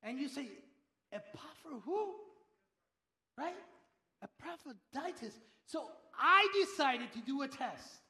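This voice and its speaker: A man's voice: very high voice, a little slow, echoey room. An older man preaching a sermon as pastor, telling stories and acting out the voices of the people he quotes. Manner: animated storyteller, acts out quoted voices.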